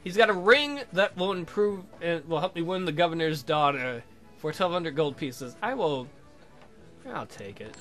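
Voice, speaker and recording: A man with a high, bright voice that swings up and down as he narrates his gameplay. He swears, shouts at the screen and reads lines in put-on voices. Faint game music plays underneath. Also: animated, moderate pace. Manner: crude, loud outbursts and silly voices. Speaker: let's play commentator. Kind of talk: casual gameplay commentary reading dialogue aloud.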